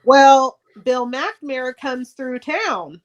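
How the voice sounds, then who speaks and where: Middle-aged woman guest, candid storyteller, swears freely, lively retelling, slightly high voice. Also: slow pace, muffled recording. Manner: candid, profane, animated retelling. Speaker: podcast guest, author. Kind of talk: casual storytelling interview.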